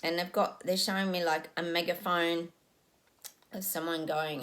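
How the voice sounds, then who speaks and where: A woman talks through a psychic reading in a loose, unscripted way. Her voice sits fairly low, and she muses aloud with many ums as she describes images she says she is receiving. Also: flat delivery, normal speed, a bit bright. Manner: musing, frequent ums, describes visions as they come. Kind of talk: casual spoken psychic reading.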